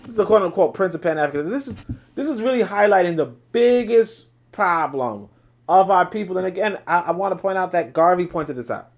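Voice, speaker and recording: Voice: mid-range voice, lively intonation, a little fast. Blunt, sarcastic commentator. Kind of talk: reacting to a played clip.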